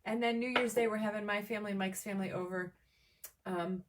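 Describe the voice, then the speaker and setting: A woman hosting a live crafting demo from home, chatting with viewers by name in an excitable, chatty way. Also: mid-range voice, fast, recorded from a distance, background noise. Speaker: crafting livestream host. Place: home craft table, camera on tripod.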